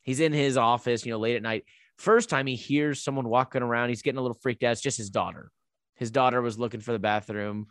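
A man casually recapping a horror movie plot as a podcast co-host, telling it with lively asides. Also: mid-range voice, fast talker, dry recording, studio quality.

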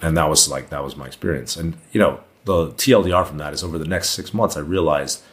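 A man's voice: very deep voice, fast talker. A man as a podcast guest, telling a long personal story in a casual, rambling way with lots of "like" fillers.

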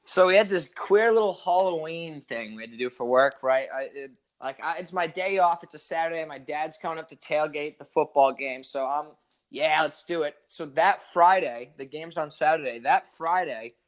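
A young man with a slightly high voice rambles through a story on a casual podcast, swearing freely and acting out each quote. He sounds loose and laid-back. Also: normal speed, hardly any pauses. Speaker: podcast co-host.

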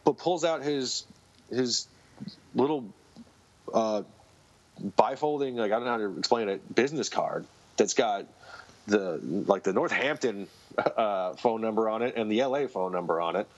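A man's voice: on the low side, moderate pace, pauses often. A man, a guest on a podcast, telling stories in casual conversation, rambling and restarting his sentences often. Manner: rambling storyteller with frequent restarts. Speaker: guest, comic book writer. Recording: dull lo-fi recording.

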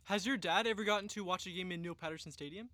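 A man's voice: high voice, quick pace, pushed and bright, no echo, studio quality. A man hosting a student sports podcast, asking questions in a chatty, casual way. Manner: chatty, casual, laughs easily. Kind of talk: podcast interview.

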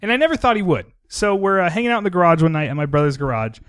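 A man hosting a casual podcast, joking and giving shout-outs to friends and listeners. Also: high-pitched, lively intonation, rapid-fire, smooth, dry recording, studio quality. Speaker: podcast host.

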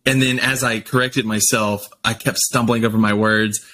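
A man's voice: lowish voice, fairly even intonation, normal speed, pushed and bright. A man who leads worship, telling stories in a casual, easygoing and self-deprecating way on a remote call. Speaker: worship leader. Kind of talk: casual podcast conversation.

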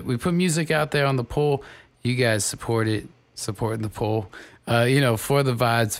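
A man hosting a radio show in casual chat, upbeat and giving shout-outs. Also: medium pitch.

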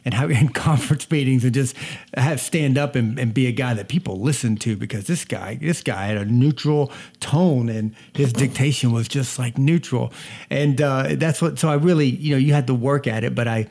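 A man with a loose Southern US accent chats casually on a family vlog. He tells long stories at a middling pitch, repeats himself, and stumbles now and then on a slight stutter. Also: moderate pace, vocal fry, darkish tone. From North Georgia. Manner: talkative storyteller, repeats words, slight stutter. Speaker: family vlogger, father. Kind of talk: casual chat.

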